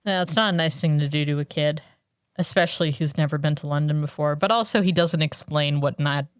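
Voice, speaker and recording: On a podcast about a book, a woman co-host talks fairly quickly in a low, smooth voice, sprinkling in "like" and musing asides. The studio-quality audio has no room sound.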